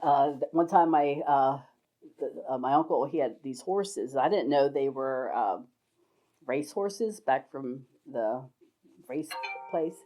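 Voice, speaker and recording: A woman's voice: rumbling low, lively intonation, takes it slowly, dark tone. An older woman telling rambling stories from her life, often breaking into laughter. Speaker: storyteller sharing life stories. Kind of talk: casual spoken memoir. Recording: dull lo-fi recording.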